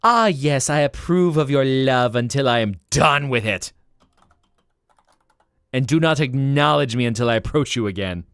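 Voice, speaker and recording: A man's voice: mid-range voice, moderate pace, fairly bright tone, clean tone, dry recording, studio quality, lightly acted. A man voicing a demanding, pampered house cat that gives regal, bossy commands. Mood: haughty.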